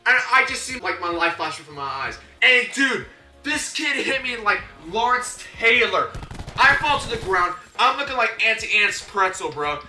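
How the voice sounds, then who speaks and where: A young man telling a comedic story, animated and slangy, acting out his own voice and his coaches' voices. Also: high-pitched, moderate pace. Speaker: YouTuber. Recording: echoey room, a bit distant from the mic, faint music.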